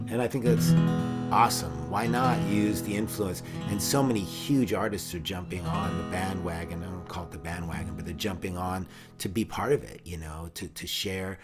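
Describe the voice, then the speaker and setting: A middle-aged man hosting a casual chat, rambling with many fillers and restarts. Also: deep voice. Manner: rambling, warm-hearted, breaks into singing. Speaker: host.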